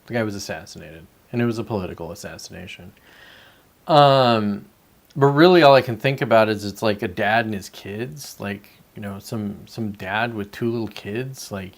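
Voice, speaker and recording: A man's voice: lowish voice, moderate pace. A man hosting a casual solo livestream, rambling and talking to his chat viewers by name between sips of coffee. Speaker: livestream host.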